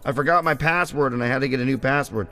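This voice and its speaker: A man hosts a casual chat, rambling through his stories with plenty of swearing. His pitch sits in the middle range for a man. Faint music plays underneath. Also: fast talker, bright, forceful tone. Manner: rambling storyteller who swears freely. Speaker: podcast host.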